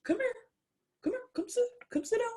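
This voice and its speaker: Woman doing a squeaky, pushy old wrestling coach. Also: animated, darkish tone. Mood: coaxing. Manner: high, hurried coaxing repetition. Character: older male wrestling trainer, coaxing, pushy.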